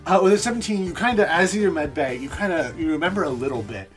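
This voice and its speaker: Lively man running a tabletop game. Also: on the high side, fast, soft background music. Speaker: game master.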